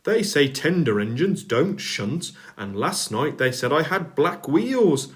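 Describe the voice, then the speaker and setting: Man voicing gentle old tender engine, sad, soft-spoken, higher pitch, storybook. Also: big pitch swings, slow.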